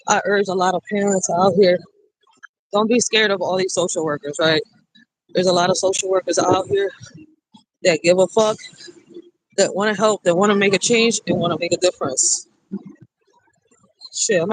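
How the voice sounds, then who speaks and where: A woman's voice: mid-range voice, moderate pace, pauses often, no room sound, low-quality recording. A single mother livestreaming on her phone as she walks a cold city street, chatting loosely and swearing freely at her viewers. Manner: loose, chatty and profane, addressing viewers directly. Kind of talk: casual livestream chat while walking.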